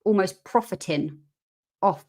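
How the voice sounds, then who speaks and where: A British woman from the UK, a guest investor talking in a casual interview, agreeable and quick to laugh. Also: mid-range voice, a little mellow. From United Kingdom.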